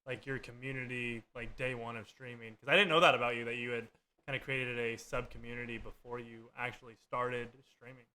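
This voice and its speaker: A man's voice: mid-range voice, fairly even intonation, brisk, pushed and bright. A man hosting a casual podcast, asking loose, chatty questions. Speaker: podcast host. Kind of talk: casual interview.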